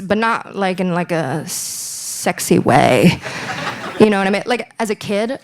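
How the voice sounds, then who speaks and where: A young woman performing a stand-up comedy set, telling a story playfully and breaking into sudden high squeals for effect. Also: a little hiss or hum.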